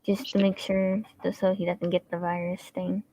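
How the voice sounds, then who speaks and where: A woman's voice: lowish voice, level tone, normal speed, dark tone, slight background noise, low-quality recording. A woman chatting casually and easily on a live stream. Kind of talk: casual chat.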